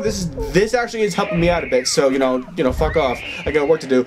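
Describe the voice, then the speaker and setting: A man's voice: mid-range voice, quick pace, hardly any pauses, background noise. A young man hosting a let's play, nervous and stammering, swearing and pleading aloud as he plays at home with headphones on. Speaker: gaming video host. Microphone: headphones with desk mic.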